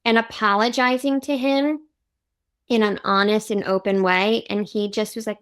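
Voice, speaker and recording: A woman's voice: medium pitch, fairly even intonation, normal speed, a bit bright. A woman in her thirties hosting a podcast, telling a personal story in a heartfelt, reflective way. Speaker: podcast host. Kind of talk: casual podcast conversation.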